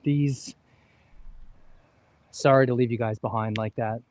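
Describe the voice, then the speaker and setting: A man's voice: medium pitch, fairly even intonation, a little slow, darkish tone, no echo. Man talking through his golf shots. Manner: thinks aloud through each shot. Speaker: golfer and co-host. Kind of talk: casual livestream chat. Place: outdoor golf course in rain.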